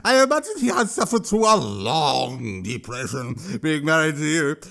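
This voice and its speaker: A man's voice: on the high side, sing-song, normal speed, creaky, fairly bright tone, full character voice. A man reading an audiobook, voicing an arrogant, insulting male troll with a wet, slurping delivery. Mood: smug, scornful.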